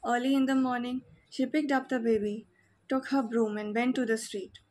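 A woman reading a short story aloud as a narrator, in an even, measured way. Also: a little high, rough recording.

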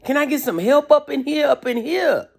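A speaker doing shrill, pleading body organs. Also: lively intonation, normal speed, creaky. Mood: desperate. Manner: urgent screaming pleas.

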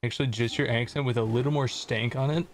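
A man's voice: mid-range voice, steady tone, fast talker, a little hiss or hum. A young man casually commenting on his gameplay as a streamer, chatting and joking with viewers. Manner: chatty, jokey, reads chat aloud.

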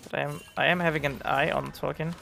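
A man's voice: a little high, steady tone, quick pace, creaky, sharp tone, soft background music. A man, an English speaker, giving casual gameplay commentary as a streamer, with gamer slang. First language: German.

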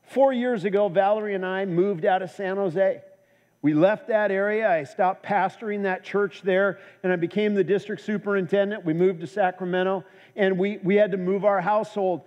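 A man with a high voice preaches in a church, mixing humorous personal stories with earnest appeals. His voice carries a long reverb from the hall around him. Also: steady tone, normal speed, darkish tone, dull audio. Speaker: pastor. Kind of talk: sermon.

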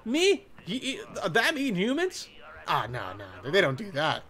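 A man doing let's play commentary, excitable and profane, talking to himself as he plays. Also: high voice, normal speed. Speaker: gaming commentator.

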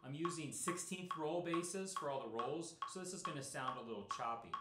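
A middle-aged man teaching snare drum in a relaxed, explanatory way, with many fillers. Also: fairly high pitch, fairly quick, roomy sound, heavy background noise. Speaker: percussion teacher. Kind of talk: instructional talk.

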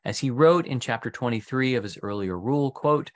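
A man speaking as a Franciscan priest in a recorded retreat talk. His delivery has an earnest preaching rhythm and builds long strings of phrases. He pauses often and fills the gaps with "uh". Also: medium pitch, lively intonation. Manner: pauses with frequent "uh" fillers.

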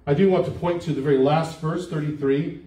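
An older man delivers a sermon in a warm, mellow voice that sits a little high. He keeps it conversational and keeps turning questions back to the congregation. The sound is roomy and distant, as if picked up from well back in a church hall. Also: steady tone, a little fast. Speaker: pastor. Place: church sanctuary. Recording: echoey church hall, mic from far off.

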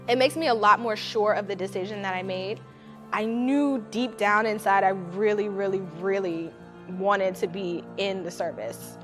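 Woman, documentary interview, earnest, excited, mid-pitched, faint music underneath. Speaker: Navy recruit interviewed in a documentary.

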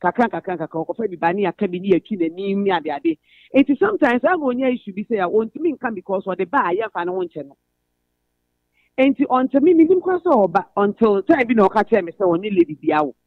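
A woman's voice: medium pitch, very animated, quick pace, no room sound. Ghanaian woman caller on a tinny phone. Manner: earnest, recounting family troubles at length. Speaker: radio caller. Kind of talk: phone-in personal story, code-switching. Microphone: telephone. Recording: tinny phone line, dry.

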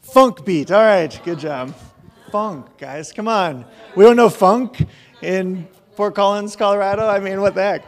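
Pastor, middle-aged man, casual self-deprecating sermon delivery, a touch of gravel in the voice. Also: sits high, normal speed. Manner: joking, chatty, self-deprecating. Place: church hall.

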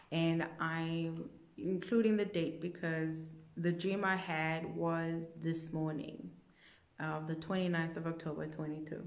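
A woman sharing a dream in a casual, earnest testimony, rambling at times with restarts and growing animated. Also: on the low side. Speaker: dream-sharing ministry host. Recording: roomy echo.

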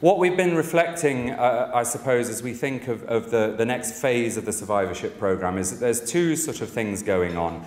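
A man's voice: medium pitch, expressive, moderate pace, hardly any pauses. A man giving a conference talk about a cancer support service, opening with a humorous story, then reflecting with frequent fillers. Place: conference hall. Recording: echoey conference hall.

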